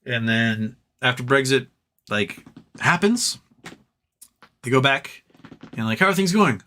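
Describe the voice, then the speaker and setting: A man's voice: medium pitch, lively intonation, normal speed, sharp tone. A man hosting a livestream, chatting casually and rambling, acting out other people's lines with exasperation. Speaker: livestream host.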